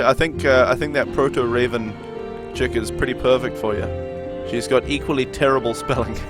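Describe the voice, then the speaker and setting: Young Kiwi streamer, New Zealand accent, mid-pitched and easygoing, chatting over loud game music. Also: male voice, moderate pace. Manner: relaxed, rambling, laughs often. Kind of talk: casual chat while playing, reading out chat.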